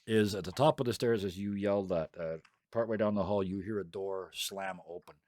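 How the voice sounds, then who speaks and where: A man with a lowish voice narrates as game master of a tabletop game over voice chat. He talks casually, stops and restarts with fillers, and the sound is dry and close. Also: moderate pace, darkish tone, dry recording.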